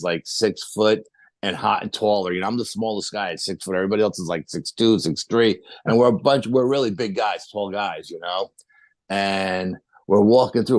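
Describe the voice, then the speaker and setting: A middle-aged paranormal investigator, appearing as a guest, tells a ghost-hunting story casually and ramblingly, full of fillers and restarts. His voice sits low, and the recording is dry.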